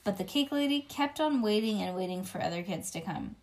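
A woman reading a children's book aloud to a child, expressive and lively. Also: mid-range voice, fairly quick.

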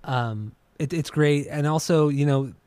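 A man's voice: a little high, unhurried, darkish tone, clear, resonant tone, dry recording. A man co-hosting a podcast, chatting eagerly about an album and swearing freely. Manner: enthusiastic, swears often, trails off and restarts. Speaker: podcast co-host. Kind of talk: casual music podcast chat.

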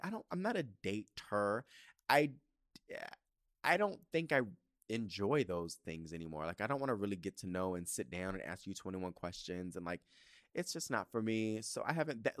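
Male podcast host, middle pitch, very expressive, campy and profane storyteller, dry close sound. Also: no room sound. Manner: animated, profane, campy, acts out his own reactions. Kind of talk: casual comedic storytelling.

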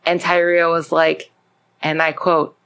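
A woman hosting a podcast, casually retelling a true crime story with lots of swearing and animated acted-out quotes. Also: lowish voice, a little slow, smooth. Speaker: podcast host.

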